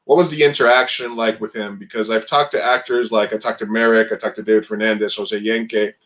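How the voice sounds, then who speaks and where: A man's voice: on the low side, fairly even intonation, fairly quick, a bit bright, low-quality recording. A man hosting a casual podcast interview, asking long rambling questions full of fillers. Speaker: podcast host.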